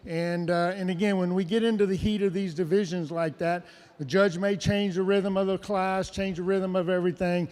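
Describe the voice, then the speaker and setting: A man giving a livestock judge's reasons in an earnest, halting way, heard over a public address system. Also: sits high, level tone, a little mellow, smooth. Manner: earnest, halting, repeats himself. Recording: echoing arena PA from afar.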